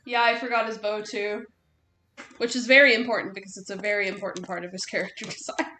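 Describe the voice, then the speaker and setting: A woman's voice: mid-range voice, steady tone, fast talker, sharp tone, echoey room, slight background noise. A woman chatting casually while she draws, giggly and blunt and swearing freely. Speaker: streamer drawing while chatting. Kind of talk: casual chat.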